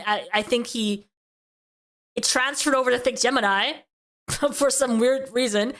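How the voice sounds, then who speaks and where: A woman hosting a casual podcast, with a high, bright voice. She questions her guest with a puzzled air and laughs often. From living in Portugal. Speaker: podcast host.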